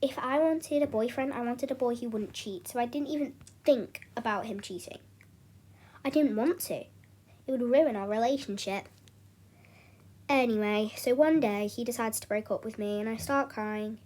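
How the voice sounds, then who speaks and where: A young woman with a slightly high voice tells a storytime in a loose, chatty way. She keeps restarting her sentences and falls back on "anyway, so" as she goes. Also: moderate pace, a little mellow. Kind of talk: casual storytime narration.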